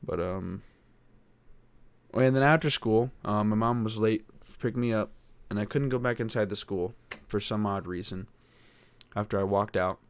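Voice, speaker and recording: Low-voiced teen boy venting, swearing. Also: moderate pace, no echo. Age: teens. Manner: frustrated, swearing, rambling. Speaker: podcast host. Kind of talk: casual venting monologue.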